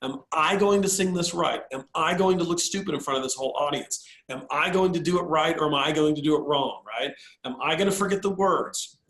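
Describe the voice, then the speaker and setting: A cool, unhurried pastor gently asks questions, as a man quotes him in a story. The delivery stays calm and plain, close to an everyday voice. A slight room echo hangs around it. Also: on the high side, close to an everyday voice. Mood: calm, probing.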